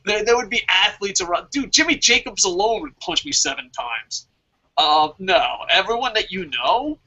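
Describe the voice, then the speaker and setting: High-voiced, rambling, profane male host. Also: animated, normal speed, sharp tone, dull audio. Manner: rambling, profane, laughing often. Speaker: wrestling show host. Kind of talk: casual podcast chat.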